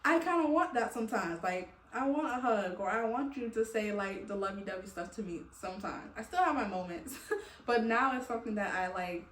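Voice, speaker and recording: A woman's voice: mid-range voice, brisk, fairly bright tone. Rambling woman vlogger in an echoey room. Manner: rambling, many fillers, laughs between thoughts. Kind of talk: casual heartfelt venting to camera. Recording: echoey room, a little far from the mic.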